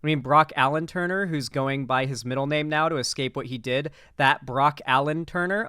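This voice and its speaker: A man's voice: fairly high pitch, normal speed, hardly any pauses, bright, forceful tone, clean tone, no room sound, clean studio sound. Sarcastic man ranting in commentary. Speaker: political commentary streamer. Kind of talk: reaction commentary.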